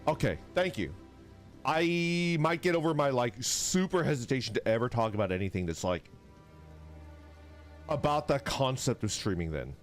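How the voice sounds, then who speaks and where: Soft music plays in the background as a man with a medium-pitched voice talks at normal speed during a live stream. In an easygoing, lively way he reads viewers' messages aloud, swearing freely as he chats.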